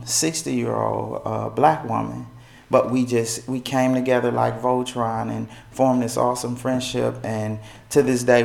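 A middle-aged man from Milwaukee telling a personal story to an audience, animated and acting out the voices of people in it. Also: gravelly. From Milwaukee, United States. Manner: animated, acts out quoted voices with big pitch jumps. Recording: echoey room.

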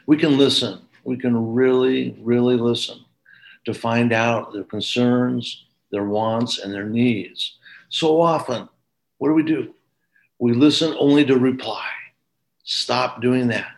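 A man's voice: medium pitch, slow, creaky, rough recording. Earnest man giving a police training talk. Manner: earnest, emphatic repetition. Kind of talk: training lecture.

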